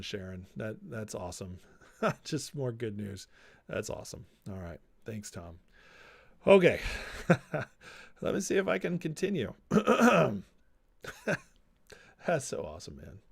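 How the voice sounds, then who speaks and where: A man's voice: medium pitch, very animated, normal speed, creaky, a little mellow, dry recording, clean studio sound. A man hosting a casual political livestream, talking loosely and reading viewer comments aloud. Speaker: livestream host.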